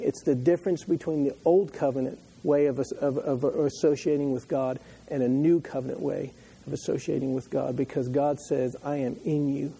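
A man preaching a sermon with a husky, mellow voice pitched a little high. He shifts from calm, steady teaching to loud, impassioned passages. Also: low-quality recording. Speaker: pastor.

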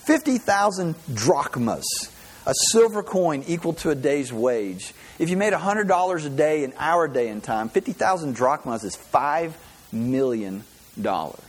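A male pastor preaching a sermon, telling Bible stories in an animated way and often stringing thoughts together with "and". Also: fairly high pitch, a little slow, husky. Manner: animated, storytelling, with many repeated "and"s.

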